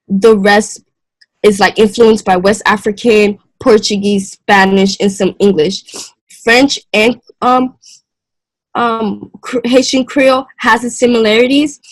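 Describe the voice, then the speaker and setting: A young woman presents to a class in a halting, unsure manner, stopping and restarting her sentences and clearing her throat along the way. Her pitch stays level and even. The sound is dry and close. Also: dry recording, poor audio. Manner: hesitant, halting, with many fillers and restarts. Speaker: student presenter.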